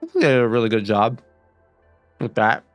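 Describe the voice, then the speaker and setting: A man's voice: mid-range voice, sing-song, fairly quick, no room sound, faint music behind. Rambling, profane young man gaming. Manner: rambling and profane, with many fillers and restarts. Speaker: gaming streamer. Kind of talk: casual gaming commentary.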